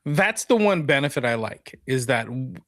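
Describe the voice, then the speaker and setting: Man, podcast co-host, mid pitch, dry close sound, easygoing chat. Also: very animated, moderate pace, fairly bright tone, dry recording. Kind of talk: casual chat.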